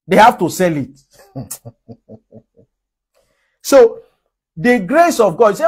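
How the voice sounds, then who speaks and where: Husky-voiced man preaching with emphasis. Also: sits high, sing-song, a little slow, pauses often, a little mellow. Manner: emphatic preaching with frequent laughs. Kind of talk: sermon.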